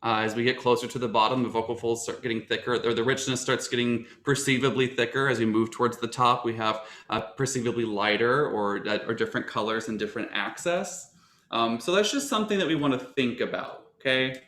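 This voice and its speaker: A man lectures on voice teaching in a bright, forward voice, circling back on himself with fillers and restarts as he explains. The room around him is echoey. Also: mid-range voice, brisk.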